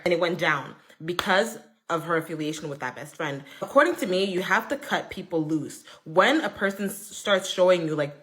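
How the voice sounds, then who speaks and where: A woman telling a true story in a casual, chatty way, full of "like" and "okay?", with lively quoted voices. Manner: acts out quoted friends with raised pitch.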